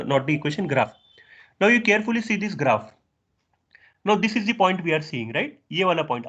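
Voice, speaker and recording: A man's voice: fairly high pitch, a bit bright, muffled recording. A young man with an Indian accent giving an engineering lecture, switching between English and Hindi, asking rhetorical questions and correcting himself as he goes.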